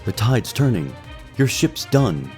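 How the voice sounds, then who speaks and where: A man voicing a fiery, defiant young governor's daughter who speaks softly with wonder in an audio story. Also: very deep voice, takes it slowly, soft background music. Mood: urgent shout. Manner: soft and wondering in quiet moments.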